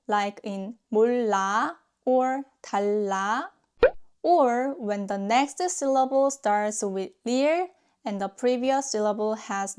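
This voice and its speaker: A woman with a Korean accent, a native Korean speaker, teaching a pronunciation lesson patiently and repeating example words slowly. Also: a little high, darkish tone, clean tone. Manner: patient, demonstrates sounds with slow repeated drills.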